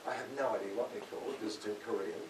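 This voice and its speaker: A man's voice: lowish voice, rapid-fire. An older man giving a chatty, self-mocking talk to an audience and laughing often at his own jokes. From Australia. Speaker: author speaking at a library event. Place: library hall. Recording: distant, echoey hall with hiss.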